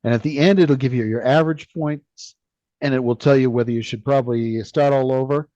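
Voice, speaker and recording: Man, podcast co-host, halting, restarts often, slightly muffled recording. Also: mid-range voice, steady tone, dark tone, dry recording. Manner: halting, many restarts and fillers. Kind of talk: casual podcast chat. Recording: slightly dull lo-fi sound.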